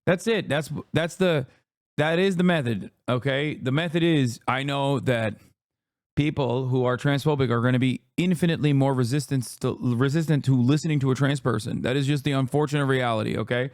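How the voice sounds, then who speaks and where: A man doing heated livestream political commentary, angry and profane, shouting down his critics. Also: medium pitch, fairly quick, no room sound, clean studio sound.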